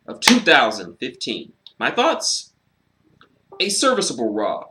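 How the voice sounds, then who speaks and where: A man giving a casual, animated solo review of a wrestling show, sarcastic and swearing freely, with frequent fillers. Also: medium pitch, a little slow, a little hiss or hum.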